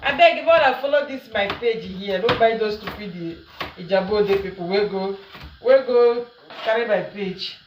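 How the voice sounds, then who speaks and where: A woman's voice: mid-range voice, normal speed, distant mic, muffled recording. A Nigerian woman talks to her followers while she cooks, teasing and laughing as she goes. She sits away from the mic in a roomy kitchen, with a faint hiss underneath. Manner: chatty and teasing, laughs often. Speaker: social media commentator. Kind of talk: casual commentary while cooking.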